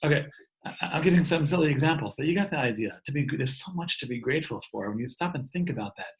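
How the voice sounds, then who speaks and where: A man's voice: a little high, animated, quick pace, poor audio. A man in his thirties giving an earnest inspirational talk over a video call from home, often repeating words as he goes. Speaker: speaker giving an online talk. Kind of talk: warm inspirational talk to an online audience.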